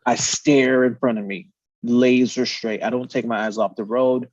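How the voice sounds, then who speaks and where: Brief: man, casual storyteller, lively, swears, dry lo-fi recording. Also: medium pitch, moderate pace, no echo. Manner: animated storyteller, swears, acts out quotes. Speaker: podcast host.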